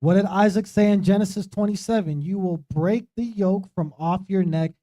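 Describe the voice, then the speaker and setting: A man's voice: high-pitched, moderate pace, mellow. Casual man preaching, saying "right?" a lot. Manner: conversational, keeps asking "right?". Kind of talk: informal Bible study teaching. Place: streamed church talk show.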